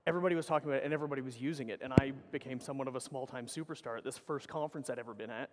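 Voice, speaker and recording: A man's voice: mid-range voice, racing. Middle-aged man rambling on stage in echoing hall. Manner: casual, profane, rambling with self-corrections. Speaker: conference speaker. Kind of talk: anecdotal conference talk. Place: large conference hall. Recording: reverberant conference hall.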